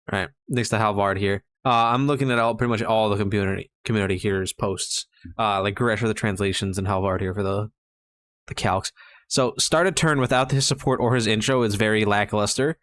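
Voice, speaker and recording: A man's voice: on the low side, a bit bright, no room sound. Sick young man rambling about a game. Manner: enthusiastic, rambling with fillers and restarts. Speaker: mobile game content creator. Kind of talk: casual game commentary.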